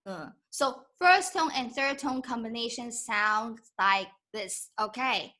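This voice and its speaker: High, bright-voiced teacher woman. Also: lively intonation. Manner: slow, patient, mixes English with Mandarin, models tones by humming. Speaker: Mandarin teacher. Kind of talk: live-streamed language lesson.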